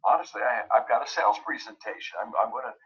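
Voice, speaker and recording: An eager male salesman on a business trip who stumbles over his words, as a man voices him while telling a story. The voice is husky, bright and forceful. The recording is dull and lo-fi. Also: mid-range voice, quick pace. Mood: earnest.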